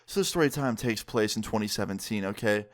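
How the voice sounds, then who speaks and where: A young adult man tells a story casually on his YouTube channel, a storytime vlog stuffed with "like" fillers. His voice is fairly low, with lively intonation and a fairly quick pace.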